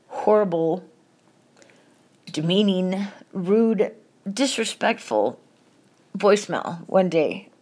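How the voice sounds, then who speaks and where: A woman's voice: on the low side, breathy edge. A middle-aged woman hosting a podcast, telling a painful family story in a candid, emotional way and swearing freely. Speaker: podcast host. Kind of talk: personal confessional monologue.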